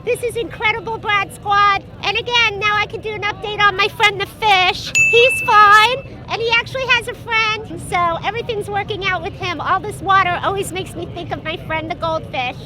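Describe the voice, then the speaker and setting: A woman voicing an excitable male groundhog mascot who talks in squeaky, giddy exclamations outdoors on a ferry. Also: normal speed, few pauses. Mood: excited. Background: loud outdoor noise.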